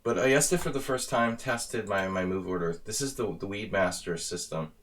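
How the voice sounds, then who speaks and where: Deep-voiced American man musing over chess moves. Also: moderate pace, fairly bright tone. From near Philadelphia, USA. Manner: thinks aloud about moves, wry asides. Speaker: chess streamer. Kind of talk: live blitz chess commentary.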